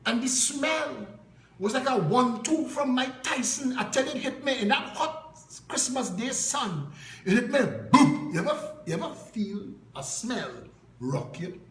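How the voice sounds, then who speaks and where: A man's voice: very high voice, animated, measured pace, fairly bright tone, roomy sound, low-quality recording. A Trinidadian man giving an impassioned political address, telling stories with punchy repetition. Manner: emphatic storytelling, punchy repetition. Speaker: political party leader.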